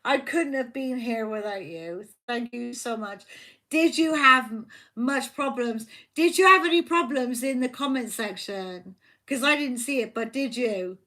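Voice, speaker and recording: A woman hosting a live tarot stream, talking to her viewers in a loose, rambling way. Her voice sits a little high and she takes her time, circling back over the same points. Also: unhurried, bright, forceful tone. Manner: rambling, chatty, repeats herself; talks to viewers by name, affectionate. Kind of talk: casual live-stream chat.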